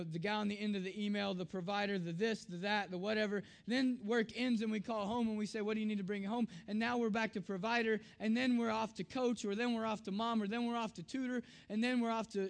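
A man preaching in a storytelling style, acting out family dialogue with animated voices and dropping soft and low on tender, reflective lines. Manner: animated, acts out his daughter's lines in a raised voice. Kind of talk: storytelling sermon.

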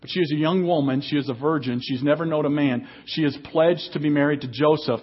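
A man's voice: a little high, a little fast, lo-fi sound. A man preaching an emphatic sermon as pastor at a church service. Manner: emphatic preaching, reads scripture aloud.

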